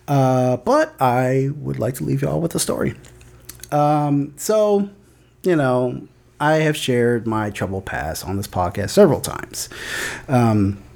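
A man's voice: medium pitch, creaky, a little mellow. Laid-back man telling a story. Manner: loose storytelling with frequent swearing and fillers. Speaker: podcast co-host. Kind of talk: casual chat and anecdote.

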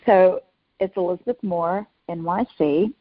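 A woman from North Carolina, a jewelry designer and podcast guest, rambles casually through halting restarts and many "you know"s. Her voice is a little low, and the recording is dry and dull. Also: no echo. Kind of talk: casual interview.

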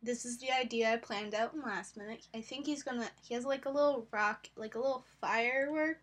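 A woman's voice: on the high side, fairly quick, a bit bright. A young woman with a sore voice, co-hosting a podcast in casual, joking chat full of fillers. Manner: giggly, joking, rambling with many fillers. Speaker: podcast co-host.

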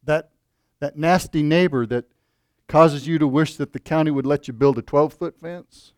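Male preacher, conversational sermon delivery with rhetorical questions, slightly raised pitch, dry close recording. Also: moderate pace, no room sound. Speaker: pastor.

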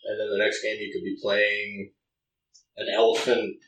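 A man's voice: fairly low pitch, monotone, unhurried, fairly bright tone, far from the mic. A man chatting casually about tabletop games, blunt and opinionated. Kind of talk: casual podcast chat. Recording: roomy echo, from the mic.

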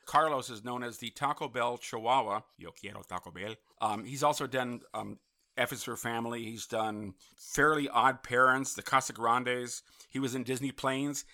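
A man hosting a live talk radio show from a studio, chatty and upbeat, with quick asides and self-amused jokes. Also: medium pitch, bright, forceful tone. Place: Los Angeles studio.

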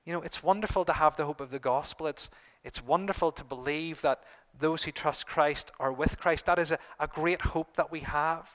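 A middle-aged man preaching a sermon to his congregation, earnest, repeating phrases and pausing for emphasis. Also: a little high, fairly bright tone. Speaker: pastor.

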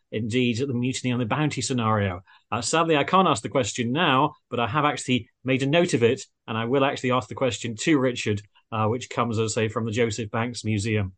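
A man hosting a panel chat, wordy and hesitant with many fillers. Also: medium pitch. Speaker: host. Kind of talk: radio-style panel chat.

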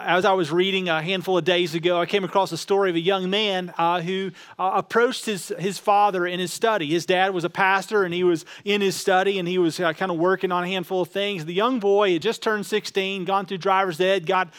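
A man preaching a sermon as pastor, telling stories in a relaxed way with many fillers. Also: high-pitched, fairly quick, clean tone. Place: church auditorium.

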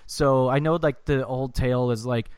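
A man's voice: medium pitch, steady tone, normal speed, a little mellow, smooth, no echo, studio quality. A young man co-hosting a podcast in casual, profane chat, full of "like" fillers. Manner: loose, profane, lots of "like" fillers. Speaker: podcast co-host.

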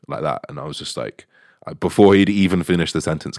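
A man's voice: very deep voice, quick pace, darkish tone, dry recording, studio quality. A young man, an online coach, telling stories casually and animatedly, swearing and laughing along the way. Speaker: online fitness coach, guest. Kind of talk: casual podcast storytelling.

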